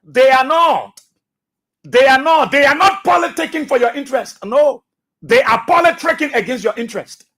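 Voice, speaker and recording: A radio talk show host with a Liberian English accent speaks from the studio in a very high voice, his intonation lively and his pace moderate. His tone is fairly bright as he delivers emphatic commentary, repeating phrases and posing rhetorical questions.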